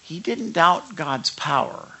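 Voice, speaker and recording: A man preaching a sermon, animated and talking back and forth with his congregation, acting out quotes. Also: a little high, slow. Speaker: pastor.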